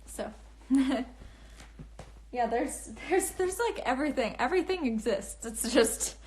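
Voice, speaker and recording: Giggly young woman on a slow livestream. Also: high voice, lively intonation, slight background noise. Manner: bubbly, giggly, rambling with many restarts. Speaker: livestream host and author. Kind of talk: casual livestream chat answering comments. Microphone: phone camera.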